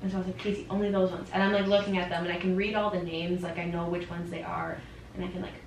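A woman with a fairly low voice shares an anecdote in easy conversation and laughs as she goes. The recording is roomy and a little distant, with faint noise underneath. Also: flat delivery, fast talker. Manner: laughing, chatty storyteller. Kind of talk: casual chat.

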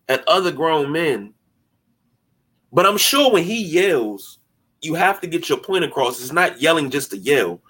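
A man talks sports on his podcast, animated and mocking, tripping over repeated words as he gets going. His voice sits a little high with a bright, forceful edge. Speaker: podcast host. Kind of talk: casual sports talk.

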